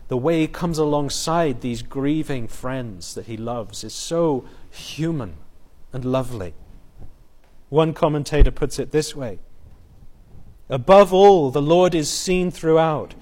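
A man preaching an expository sermon, earnest, building emphasis and quoting scripture in a softer voice. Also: medium pitch.

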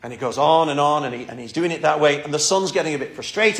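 A man's voice: on the high side, quick pace, a bit bright, reverberant. A man preaching a sermon and leading prayer, talking earnestly and often repeating words as he starts a thought.

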